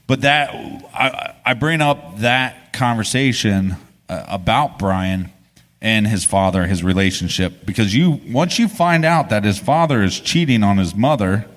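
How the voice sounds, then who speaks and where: A man's voice: lowish voice, animated, unhurried, a bit bright. A man, co-hosting a live podcast on stage and telling a story in a casual, rambling way with many restarts. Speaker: podcast co-host. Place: podcast festival stage before an audience. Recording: live stage with long hall reverb.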